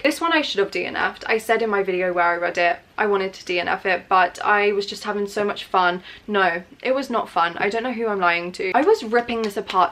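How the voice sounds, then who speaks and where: A woman's voice: medium pitch, fairly bright tone. A woman, possibly, chatting as a book vlogger in a casual reading wrap-up, emphatic and candid with her opinions.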